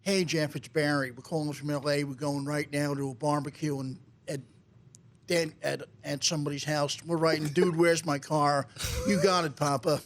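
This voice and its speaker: A man doing a nasal, nitwit talent manager leaving a phone message. The voice is slightly high, quiet and mumbled, in a dopey tone. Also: steady tone, normal speed, lightly acted. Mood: mocking.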